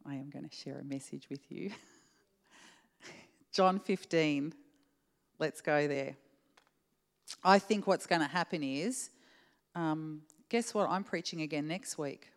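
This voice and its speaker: A woman's voice: deep voice, a little slow, long pauses, big-room sound. A woman preacher giving an earnest, conversational sermon and prayer to her church, speaking directly to the congregation. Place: church hall.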